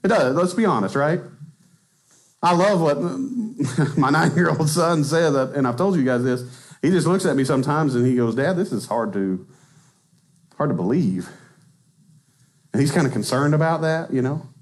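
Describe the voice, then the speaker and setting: Animated Texan man preaching a sermon. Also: fairly high pitch, moderate pace. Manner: conversational, animated, laughs at himself. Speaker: pastor. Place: church sanctuary.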